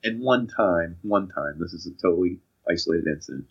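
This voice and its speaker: A young man telling casual anecdotes on a podcast, animated and acting out the voices of people in his stories. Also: deep voice, brisk, breathy edge. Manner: animated, acts out voices in anecdotes, laughs often. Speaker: podcast co-host. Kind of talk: casual storytelling chat. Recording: dull lo-fi podcast audio.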